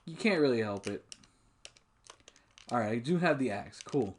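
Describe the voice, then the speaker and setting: Dude doing a chill let's play, mid pitch, rambly, curses a lot. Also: male voice, moderate pace. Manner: relaxed, rambling, swears often, laughs at himself. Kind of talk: casual gameplay commentary.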